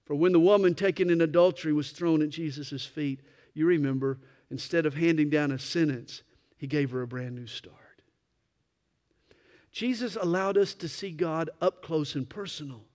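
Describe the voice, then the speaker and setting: A male pastor preaching a morning sermon, swelling to loud emphatic peaks and then dropping to soft, slow phrases. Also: fairly high pitch.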